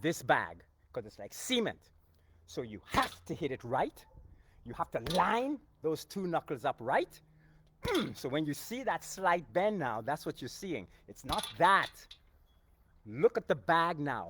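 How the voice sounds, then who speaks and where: A man teaching martial arts strikes in a live-stream rant, emphatic and animated, shouting out strike sounds and often clearing his throat. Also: on the high side, a little slow, background noise. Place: home training garage in the backyard.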